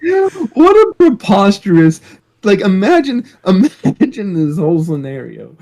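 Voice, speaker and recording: Jokey young man, slightly higher voice. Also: sing-song, measured pace, darkish tone. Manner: jokey, self-mocking, trails off mid-thought. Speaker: podcast co-host. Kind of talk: casual movie chat.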